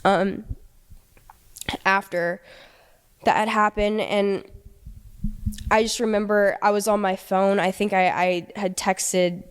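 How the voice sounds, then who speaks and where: A young woman, a guest in an interview, telling a personal story in a hesitant, halting way. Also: medium pitch, level tone, smooth. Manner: hesitant, halting, many fillers.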